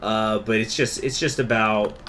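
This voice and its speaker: A man chatting his way through a game stream in an unhurried drawl, wandering off on tangents and leaning on filler words. A faint hiss of background noise sits under his voice. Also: fairly low pitch, fairly even intonation, fairly bright tone. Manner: rambling, digressive, filler-heavy. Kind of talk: casual gameplay livestream commentary.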